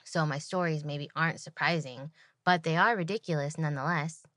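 A woman's voice: sits low, fairly even intonation, fairly quick, a bit bright, no room sound, studio quality. A woman podcast host telling a story as a solo rant, sarcastic and exasperated.

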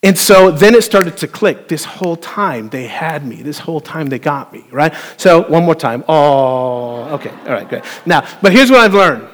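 A man preaching a sermon as pastor, telling a story with playful, animated asides to the congregation. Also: on the high side, moderate pace, few pauses. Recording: long hall reverb.

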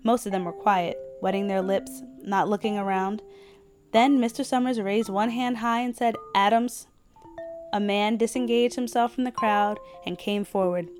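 A woman podcast host reading a short story aloud in a steady, measured way. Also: mid-range voice, faint music behind.

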